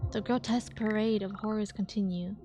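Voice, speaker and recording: A woman's voice: mid-range voice, fairly even intonation, brisk, background noise. A young woman streamer reading a horror visual novel aloud, reacting jumpily with squeals at the scares. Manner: jumpy, squeals and shrieks at scares. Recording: background music.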